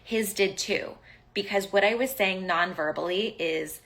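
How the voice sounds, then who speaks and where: A woman's voice: medium pitch, measured pace, fairly bright tone. A woman hosting a podcast, talking through a personal story in a casual coaching monologue, emphatic and repetitive, swearing now and then. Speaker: podcast host.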